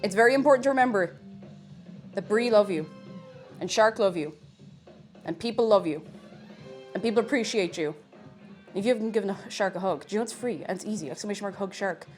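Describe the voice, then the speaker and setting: A woman chatting bubbly and excitably on a livestream while cooking, now and then breaking into shouted cheers. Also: mid-range voice, brisk, long pauses, faint music behind. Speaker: streamer.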